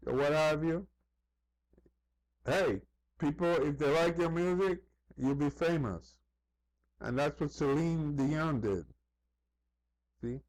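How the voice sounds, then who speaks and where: A man's voice: a little high, no echo, low-quality recording. A man vlogging in a casual, chatty way, often checking in with the listener as he talks. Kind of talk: casual commentary to camera.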